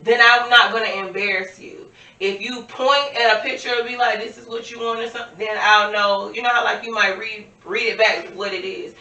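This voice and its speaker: A woman's voice: fairly high pitch, fairly even intonation, brisk, few pauses, sharp tone. A woman on a chat panel, explaining her point earnestly and at length. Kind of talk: casual debate chat. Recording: roomy, distant mic.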